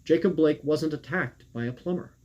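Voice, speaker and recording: A man reading his own personal essay aloud in an earnest, measured way, posing rhetorical questions. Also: fairly high pitch, a little mellow, dull audio.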